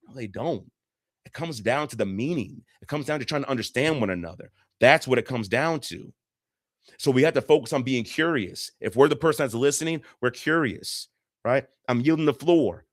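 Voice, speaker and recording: A man teaching about relationships in an earnest, casual way, circling back to his points again and again. His voice sits in a middle pitch. The sound is close and dry, with no room around it. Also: expressive, normal speed, dry recording. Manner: earnest, repetitive, acts out quoted voices. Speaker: relationship coach.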